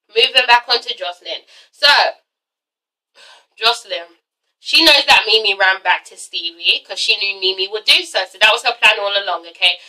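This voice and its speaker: A woman's voice: mid-range voice, expressive, moderate pace, sharp tone, distant mic, low-quality recording. A woman casually recapping an episode in a chatty, profane vlog style, tagging her lines with "all right?". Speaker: vlogger reviewing a TV episode.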